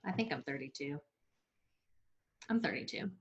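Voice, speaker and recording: A woman's voice: low-pitched, animated, normal speed, muffled recording, background noise. A woman in her thirties chatting casually about herself on a vlog. She is giggly and trails off with lots of filler words. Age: 30s. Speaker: vlog host being interviewed. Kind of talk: casual chat. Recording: roomy echo.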